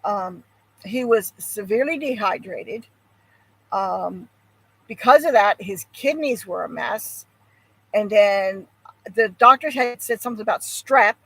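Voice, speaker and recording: A woman's voice: mid-range voice, expressive, a little slow, fairly bright tone, rough recording. An older woman hosting a homestead channel, chatting casually with viewers in a rambling way, with frequent ums and sighs. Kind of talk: casual chat, answering viewers.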